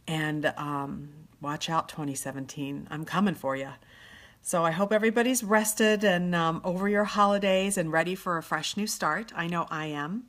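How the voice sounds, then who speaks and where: Nasal woman, chatty makeup live stream. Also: lowish voice. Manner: chatty, friendly, searching for words. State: nasal from a sinus infection. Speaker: makeup consultant.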